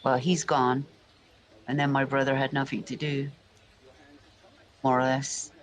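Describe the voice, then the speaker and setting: With background noise behind him, a male vlogger from England recounts family stories at a measured pace. His voice is medium in pitch and level in tone, and his telling meanders through many restarts and asides.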